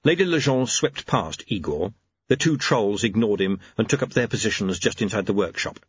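Husky, lively male storyteller. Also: on the low side, normal speed, dry recording, dull audio. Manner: wry, expressive storytelling. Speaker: audiobook narrator. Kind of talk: scripted narration.

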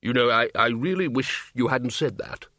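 A man's voice: medium pitch, lively intonation, moderate pace, bright, forceful tone, dry recording. Guy doing a twitchy wizard lecturer, nervous sing-song voice, kinda distant. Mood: anxious.

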